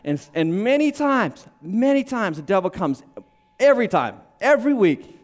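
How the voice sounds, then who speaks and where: A man delivers a sermon in a high voice. He preaches with drama, climbing to shouts and dropping to near hushes, and briefly acts out other people's voices. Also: sing-song, moderate pace. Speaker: pastor.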